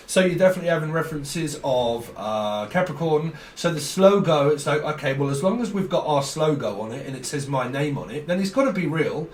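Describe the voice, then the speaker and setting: A man giving a rambling tarot reading, talking fast, jumping between ideas and laughing often. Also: a little high, lively intonation, darkish tone, a little hiss or hum. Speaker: tarot reader. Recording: roomy sound from a distant mic.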